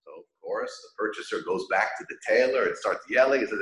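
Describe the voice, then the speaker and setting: A man teaching a Torah class, an animated storyteller who acts out the characters of his parables. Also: lowish voice, brisk, hardly any pauses. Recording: echoey room.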